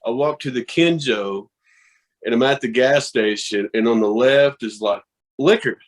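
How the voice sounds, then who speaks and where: A man from the American South telling stories in a casual podcast chat, animated and profane, laughing and acting out the voices of people he met. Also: medium pitch, measured pace. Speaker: guest, horror host and wrestling promoter.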